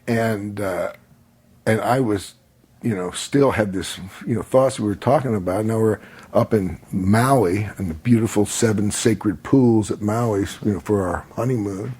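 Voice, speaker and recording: Gravelly older man telling stories. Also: lowish voice, a little slow. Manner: animated, acts out voices in his stories, laughs often. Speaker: podcast guest. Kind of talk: casual storytelling.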